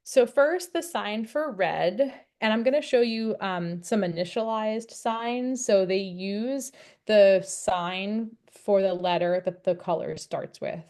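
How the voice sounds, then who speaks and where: A woman's voice: mid-range voice, takes it slowly, darkish tone. A young woman, a teacher of the deaf, presenting a friendly, step-by-step parenting webinar. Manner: friendly, encouraging, explains step by step.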